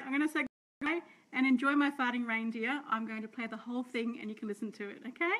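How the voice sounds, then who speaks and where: Chatty Australian woman, fairly high voice. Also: fairly even intonation, quick pace, a bit bright. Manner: chatty, rambling and gushing. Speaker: sales director talking to her team. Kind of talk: live-stream talk to viewers.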